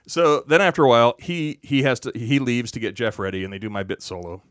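A man on a podcast as a guest, telling a relaxed, chatty anecdote full of asides. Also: mid-range voice, fast talker, dry recording, clean studio sound. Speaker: podcast guest, actor and stuntman. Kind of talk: casual storytelling on a podcast.

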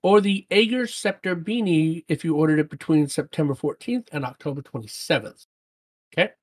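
A co-host on a casual gaming stream, reading out chat messages and news in an excitable way. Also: medium pitch, brisk. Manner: animated, excitable, reads items aloud.

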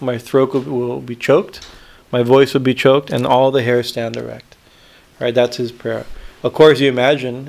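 Gravelly man giving a halting scripture talk. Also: medium pitch. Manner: halting, many restarts, checks in with "right?"; recites Sanskrit verse lines slowly. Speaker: swami teaching scripture. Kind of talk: spiritual discourse on a hymn.

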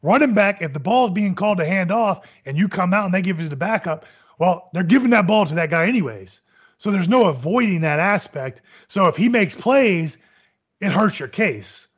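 Podcast co-host, male, slightly higher voice, measured and even-handed, dull lo-fi recording. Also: slightly rough. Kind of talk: casual sports talk.

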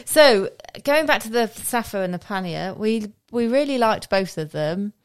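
A woman's voice: mid-range voice, expressive, moderate pace, clean tone, no room sound. A woman, co-hosting a casual chat podcast in a chatty way. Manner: chatty, laughs often. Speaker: podcast co-host.

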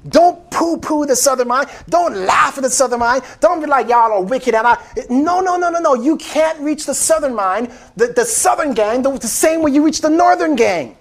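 A man preaches with real fervor, his voice sitting unusually high. He drives points home by repeating his phrases and keeps addressing the congregation as beloved. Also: normal speed, few pauses. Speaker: pastor. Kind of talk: sermon.

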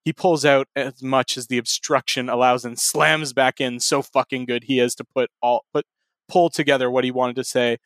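A man's voice: medium pitch, steady tone, normal speed, a bit bright, dry recording, studio quality. A man reading fan fiction aloud as a comedy podcast host, in a mock-serious style. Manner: mock-serious reading, breaking into laughs and asides.

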